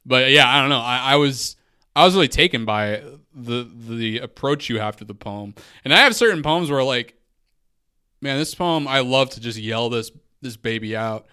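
Host guy with a bright smooth voice, casual, swears a lot, dry sound. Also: medium pitch, lively intonation, moderate pace, no room sound. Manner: enthusiastic, casual, swears freely. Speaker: podcast host and interviewer. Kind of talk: casual conversation about poetry.

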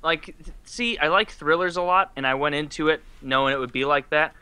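Brief: outspoken man, bright ringing voice, dry close sound, swears casually on a video call. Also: a little high, fairly quick, clean tone, dry recording. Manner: blunt, opinionated, swears freely. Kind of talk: casual chat.

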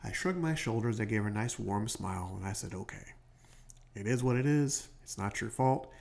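Gravelly man telling a rambling story. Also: on the low side, moderate pace, darkish tone. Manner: rambling, self-correcting storyteller. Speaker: podcast host. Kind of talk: casual late-night monologue. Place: hotel room. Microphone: home podcast microphone.

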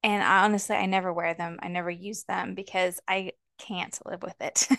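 A woman's voice: fairly low pitch, little pitch movement, moderate pace, gravelly, fairly bright tone, no echo, clean studio sound. A woman in her forties co-hosting a podcast, chatting in a rambling way with many ums. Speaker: podcast co-host. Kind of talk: casual chat.

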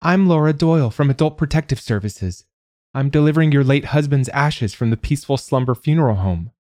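A man's voice: mid-range voice, animated, fairly quick, darkish tone, no echo, clean studio sound, voice pushed up, natural voice. A male narrator voicing a nasal, overly polite female social worker in an audiobook, his voice raised well above his own. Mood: calling out.

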